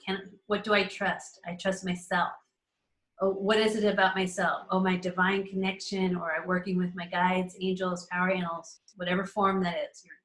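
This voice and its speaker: On a casual live astrology community call, the host speaks in a medium-pitched, somewhat bright voice. She teaches informally, laughs often, and talks to members by name, all with a noticeable room echo.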